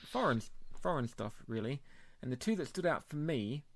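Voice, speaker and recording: A chatty man co-hosts a beer podcast in casual chat. His pitch rises and falls a lot. The room is dry and close-miked. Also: lively intonation, normal speed, gravelly, no room sound. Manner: chatty, laughs often, puts on joke accents. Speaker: podcast co-host.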